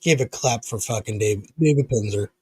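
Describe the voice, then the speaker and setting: A man's voice: lowish voice, moderate pace, dark tone, slightly rough, no echo. A man co-hosting a wrestling podcast, chiming in casually and offhandedly beside the host. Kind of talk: casual chat.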